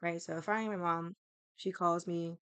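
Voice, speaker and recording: A woman livestreamer tells a story in casual, rambling speech, swearing constantly, with restarts and fillers at a loose pace. Her fairly low voice is steady, a bit bright, clear and resonant, at a moderate pace in a dry recording.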